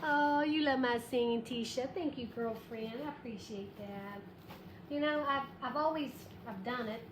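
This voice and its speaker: A woman's voice: on the high side, moderate pace. A woman hosting a live craft tutorial, chatty and bubbly, greeting viewers by name and counting aloud as she works. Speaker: craft livestream host. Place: her craft shop. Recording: echoey room with background noise.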